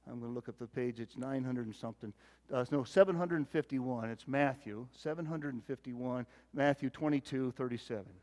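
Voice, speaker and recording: A male pastor delivering a folksy sermon, swinging between loud emphasis and quiet asides, often repeating words as he thinks. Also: mid-range voice, normal speed. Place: church sanctuary.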